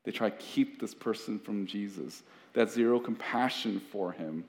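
A man's voice: fairly low pitch, moderate pace, darkish tone. A man preaching a sermon as pastor, earnest and conversational, often restarting his sentences. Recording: long hall reverb.

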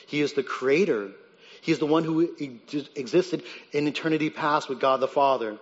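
A man preaching a sermon as pastor, earnest and emphatic, rising on key points and dropping low and quiet on others. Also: moderate pace, big-room sound, lo-fi sound.

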